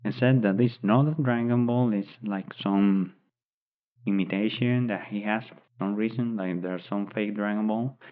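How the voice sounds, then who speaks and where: A man's voice: lowish voice, fairly even intonation, normal speed. A man improvising a story aloud, rambling and thinking as he describes pictures, recorded on tinny phone-like audio. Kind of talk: unscripted story narration.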